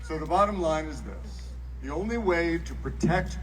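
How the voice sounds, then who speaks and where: A man giving an earnest political rally speech outdoors, rising to shouts on key lines. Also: on the high side, animated, moderate pace. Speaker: rally speaker. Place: outdoor rally beside a bus. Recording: distant outdoor rally mic with noise.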